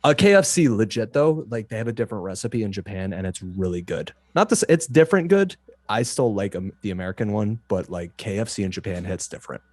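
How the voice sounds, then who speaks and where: A man guest on a podcast, telling travel stories in an animated, rambling way with lots of fillers. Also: lowish voice, brisk, dry recording. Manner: animated storytelling with many fillers. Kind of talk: casual chat.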